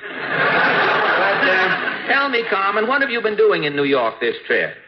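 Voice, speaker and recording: A man hosting a 1940s radio comedy, delivering wry quick quips. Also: sits high, big pitch swings, background noise. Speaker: comedy host. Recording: dull old radio broadcast with studio audience. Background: studio audience laughter.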